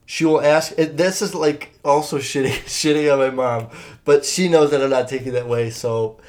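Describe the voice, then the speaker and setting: A man's voice: a little high, fairly even intonation, moderate pace. A young man hosting a solo podcast from a room at home, rambling casually, swearing freely and correcting himself as he goes. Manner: rambling, profane, self-correcting. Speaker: podcast host. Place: home room, partly soundproofed.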